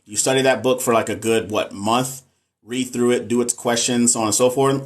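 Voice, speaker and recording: A man's voice: mid-range voice, steady tone, moderate pace. A man with a Texas Southern accent hosts a casual livestream in a mid-range voice. He chats candidly, reads viewer comments aloud, and gives straight, unfussy advice. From American South. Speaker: nurse and livestream host.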